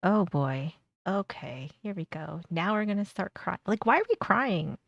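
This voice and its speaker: Woman streamer, sarcastic reactor, gravelly, dry close mic. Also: fairly low pitch, lively intonation, moderate pace, no echo, muffled recording. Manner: blunt, sarcastic, laughs often. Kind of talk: casual reaction commentary.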